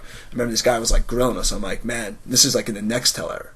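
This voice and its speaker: A man's voice: steady tone, rapid-fire, fairly bright tone, breathy edge. Swearing New man telling stories. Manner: storytelling, swearing, drops to a low mutter for asides. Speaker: podcast co-host. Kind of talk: casual podcast chat.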